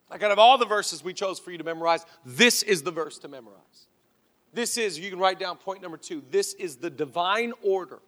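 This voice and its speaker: A male pastor preaching a sermon with fervent, rising exhortations that drop to quiet, emphatic passages. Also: high voice. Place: church auditorium. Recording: reverberant large church hall.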